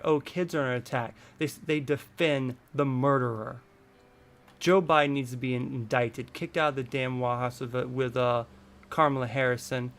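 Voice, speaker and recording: A man in his thirties from the United States, delivering a heated, profane vlog rant full of repetition. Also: medium pitch. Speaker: vlogger. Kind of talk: angry political rant.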